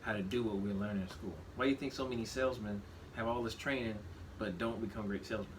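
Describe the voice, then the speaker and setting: Low-voiced reflective man, noisy recording. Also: quick pace. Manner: reflective, restarts often, animated when quoting himself. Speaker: podcast co-host. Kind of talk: casual conversation. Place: shop. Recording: steady background noise.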